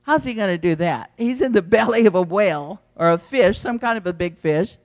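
High-voiced fervent preacher in a reverberant hall. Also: male voice, lively intonation, fairly quick. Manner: fervent preaching with big swings in pitch and loudness. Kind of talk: evening sermon. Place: church sanctuary.

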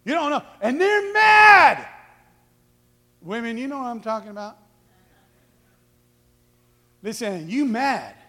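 A man preaching with a high, bright and forceful voice. He acts out quoted voices and raises his voice to a shout for emphasis. His sermon rings out with a long reverb in a big hall. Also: big pitch swings, slow pace, long pauses. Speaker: pastor.

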